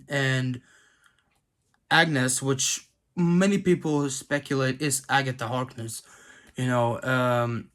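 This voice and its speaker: A tired man talks through a TV episode in a loose, casual review. His voice sits at a mid pitch, and he stumbles through fillers and restarts, clearing his throat again and again. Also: fairly even intonation, slow, long pauses, fairly bright tone.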